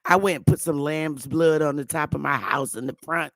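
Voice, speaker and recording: A man with a somewhat high voice talks straight to his online audience in a loose, profane, mocking rant. He rambles and restarts, tossing off asides as he goes. The sound is dry and close, with no room echo. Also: fairly even intonation, normal speed, a bit bright. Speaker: online show host. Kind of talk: casual ranting commentary to viewers.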